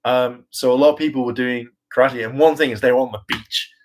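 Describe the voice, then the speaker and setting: A man's voice: medium pitch, steady tone, fairly quick, rough recording. A man vlogging in a casual, rambling way, self-mocking and full of fillers and the odd swear word. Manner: chatty and self-mocking, with frequent fillers, laughs and mimicked voices. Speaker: vlogger and hopeful actor.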